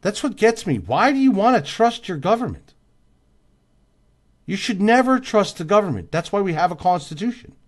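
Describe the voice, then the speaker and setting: A tired-sounding man hosts a casual livestream, his high voice swinging widely in pitch at a moderate pace. He answers viewer comments by name, emphatic and repetitive, and yawns every so often.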